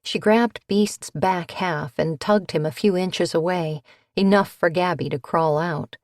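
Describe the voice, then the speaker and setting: Slow, low-pitched woman narrating. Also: no echo, clean studio sound. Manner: even, unhurried reading that lifts into character voices for dialogue. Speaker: audiobook narrator. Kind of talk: scripted narration.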